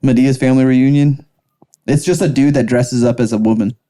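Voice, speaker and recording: A man co-hosting a casual comedy podcast, joking loudly and laughing often. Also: medium pitch, fairly even intonation, a little fast, slight background noise. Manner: laughs often, loud and teasing. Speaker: podcast co-host.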